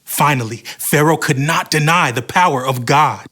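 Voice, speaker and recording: A man narrating a Bible story for children in a dramatic, expressive way. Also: on the high side, moderate pace.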